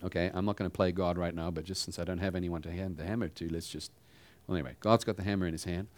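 Lower-voiced man preaching conversationally. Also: fairly even intonation, fast talker. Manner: conversational preaching with rhetorical questions. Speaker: pastor. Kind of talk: sermon.

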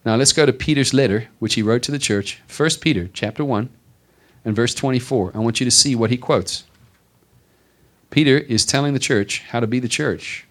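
Pastor guy preaching, mid-pitch voice, gets loud and punchy on the repeats then drops low. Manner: preaching with rising emphatic repetition. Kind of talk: sermon.

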